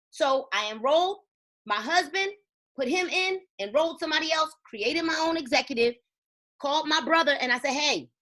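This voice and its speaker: Her voice is high with a sharp tone. She leads a network marketing team and delivers an emphatic, preachy motivational talk to salespeople, quoting dialogue within her stories.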